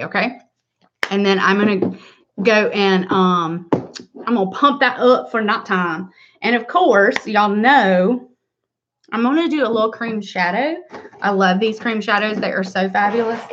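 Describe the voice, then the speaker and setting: A woman's voice: medium pitch, slight background noise. A middle-aged woman hosting a casual makeup livestream tutorial, chatty and upbeat, greeting viewers by name. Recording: slightly dull lo-fi livestream audio.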